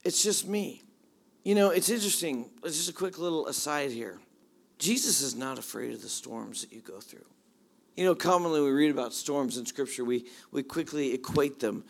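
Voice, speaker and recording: A man preaching a sermon, animated as he retells the story, swinging from hushed asides to excited bursts. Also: medium pitch, gravelly. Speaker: pastor.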